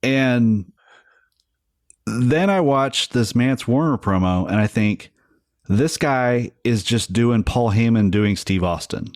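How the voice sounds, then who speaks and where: A man's voice: mid-range voice, measured pace, a little mellow, no room sound, studio quality. A man co-hosting a podcast in casual chat, rambling along with restarts and lots of "you know". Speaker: podcast co-host.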